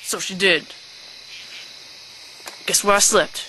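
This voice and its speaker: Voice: medium pitch, fairly even intonation, takes it slowly, sharp tone, a little hiss or hum, rough recording. A performer playing a rude, hot-tempered man shopper who rants, swears and threatens in an amateur sketch. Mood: ranting.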